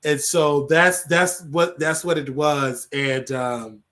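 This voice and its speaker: A man hosts his own show in a slightly high, a bit bright voice, speaking slowly with few pauses. He chats casually to his viewers on his own, repeats phrases, and calls them y'all.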